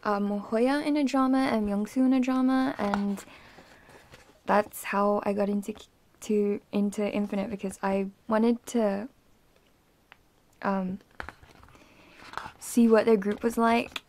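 A young woman filming an excited, rambling unboxing vlog, often dropping to an awed whisper. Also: mid-range voice, takes it slowly, long pauses, a little hiss or hum. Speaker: vlogger unboxing an album.

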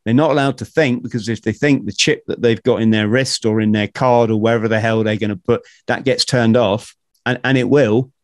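A man hosting a podcast, talking in an animated, ranting way and swearing casually. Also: mid-range voice, a little fast, no echo, studio quality. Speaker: podcast host.

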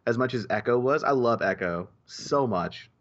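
A man of middle pitch chatting loosely on a podcast, circling back and restarting his sentences as he goes. The sound is dull and lo-fi, with the top end rolled off. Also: lively intonation, normal speed, fairly bright tone. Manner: rambling, with many restarts and repeated words. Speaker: podcast co-host. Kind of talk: casual podcast chat.

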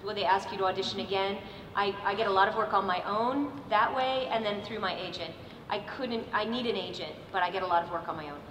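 A woman's voice: medium pitch, fast, fairly bright tone, slight background noise. A woman, a voice actress on a convention panel, answering questions plainly. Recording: echoey convention hall, mic from far off.

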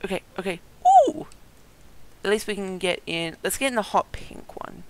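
A gaming video host giving excited let's-play commentary, chatty with viewers, giggling and yelping at surprises. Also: mid-range voice, moderate pace, poor audio. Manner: chatty, talks straight to viewers.

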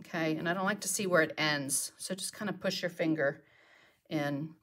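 A middle-aged woman with a slightly low voice leads a live painting tutorial from her studio. She chats casually and talks to herself while she works. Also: moderate pace, fairly bright tone. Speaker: painting teacher. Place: home art studio.

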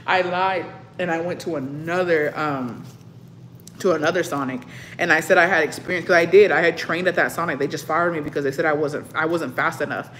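A woman's voice: sits low, a little fast. Young woman cussing thru a story, flips into spanish, acts out the quotes, bit of faint background hum. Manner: profane storytelling, slips between English and Spanish; animated, acts out what people said. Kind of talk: casual chat.

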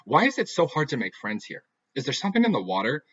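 A man's voice: lowish voice, expressive, brisk, pushed and bright, breathy edge, dry recording, full character voice. A man voicing an upset, dramatic teenage girl who complains emphatically. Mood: indignant. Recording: dull lo-fi recording.

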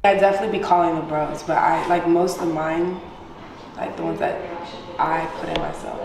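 A woman's voice: sits low, fairly even intonation, normal speed, gravelly, heavy reverb, a crowd in the background, rough recording. A woman chatting casually while she drives, playful and teasing in a laid-back way. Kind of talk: casual chat while driving. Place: car.

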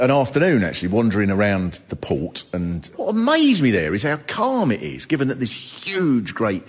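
A man's voice: mid-range voice, unhurried, in a large hall. Guy doing stand-up, voice jumps all over the place, lots of mock outrage, noisy live recording with laughs. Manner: animated storytelling with mock-outraged outbursts. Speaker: comedian. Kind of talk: stand-up comedy.

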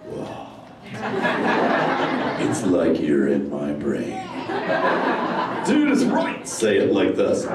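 Heard from far off in an echoey, big indoor theater over a loud crowd and heavy background noise, a man gives a full character voice: a stoked, laid-back surfer-dude sea turtle for a live improv show. His bass voice swings hugely in pitch, moves very slowly with frequent pauses, and drawls "dude" at everyone.

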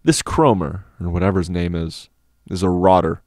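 A man voicing a self-assured older schoolboy who speaks softly and with measured calm. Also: low voice, no echo, clean studio sound, close to an everyday voice. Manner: measured, soft, unhurried.

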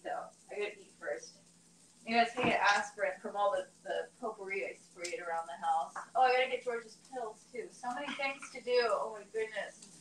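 A woman's voice: on the high side, sharp tone, a little hiss or hum. Young woman, chatty live-stream vlog, rambling, echoey room, faint clink of dishes behind. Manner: chatty, rambling, laughs often. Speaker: vlogger doing a live stream. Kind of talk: casual live-stream chat while cooking. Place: home kitchen. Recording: echoey kitchen with dish clatter. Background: clinking cutlery and dishes.

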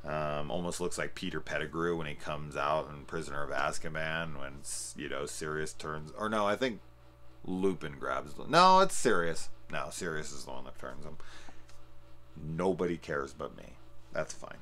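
A man with a deep, low voice talks through a film review in a loose, unscripted way. He rambles, fills gaps with "um" and "like", and swears freely as he gets worked up. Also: moderate pace. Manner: profane, excitable, rambling with fillers. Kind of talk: casual spoiler discussion.

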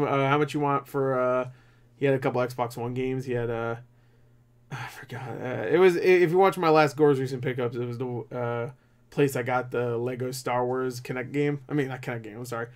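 A tired young man grumbling and swearing as he talks casually while browsing game listings, with jokes at his own expense. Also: medium pitch. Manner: profane, grumbling, frustrated, self-mocking. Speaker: gaming channel host.

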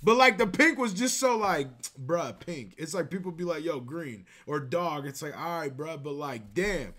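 A man's voice: a little high, animated, moderate pace, a bit bright. A man hosting a reaction video, talking in a hyped, rambling way full of "like" and "bruh". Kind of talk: excited reaction commentary.

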